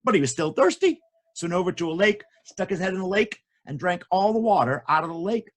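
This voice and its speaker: A man telling folk tales to children in a playful, jokey, expressive way. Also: high voice, quick pace, a little hiss or hum. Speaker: children's storyteller. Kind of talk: animated storytelling for children.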